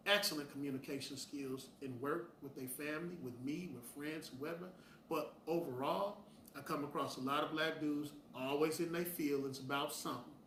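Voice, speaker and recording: A man's voice: fairly high pitch, fairly bright tone, a little hiss or hum. A middle-aged man, hosting and speaking bluntly and preachily to the audience, with heated bursts. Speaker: host. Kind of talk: opinionated direct-to-camera talk. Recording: roomy sound from a distance.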